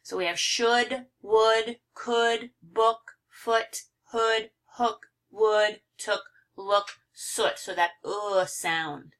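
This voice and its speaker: A woman walks through a phonics lesson at a slow, unhurried pace, sounding out each example word with exaggerated care. Her voice has a bright, clear edge. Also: fairly high pitch, fairly even intonation. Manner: slow, careful, overpronouncing example words. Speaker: teacher.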